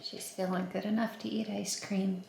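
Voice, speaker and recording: Woman vlogger, mid pitch, casual rambling chat, echoey home room. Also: little pitch movement, normal speed, vocal fry, a little mellow, slight background noise. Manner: chatty, rambling, lots of fillers.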